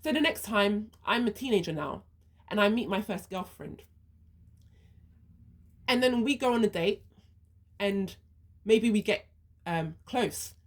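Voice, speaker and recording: Husky-voiced woman, earnest storyteller. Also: mid-range voice, expressive, unhurried, long pauses. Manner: tells a hypothetical first-person story step by step, earnest and emphatic. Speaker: speaker sharing her views. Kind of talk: reflective monologue.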